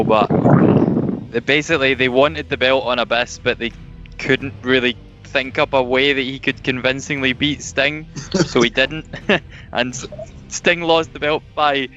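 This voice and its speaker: A man co-hosting a casual podcast, explaining points at length in a relaxed way. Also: medium pitch, moderate pace, faint music behind. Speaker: podcast co-host. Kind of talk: casual chat. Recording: dull lo-fi podcast audio.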